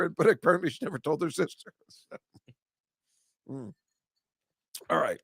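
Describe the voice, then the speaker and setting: Ranting older man with a bright, dry voice. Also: high voice, very animated, normal speed, pauses often, no echo. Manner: ranting, rambling, self-mocking. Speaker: host. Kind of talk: casual chat. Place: comedy club studio.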